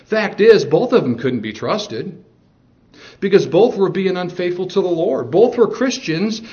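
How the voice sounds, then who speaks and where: A man's voice: high voice, lively intonation, measured pace, a little mellow, dull audio. A male pastor preaching a sermon, reading scripture aloud and mixing jokes with stern warnings.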